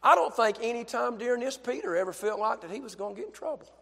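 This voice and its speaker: A male preacher delivering a fervent sermon in a church, dropping to a hush and then building to shouts with repeated phrases. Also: extremely high pitch, animated, fast talker, creaky, long reverb tail.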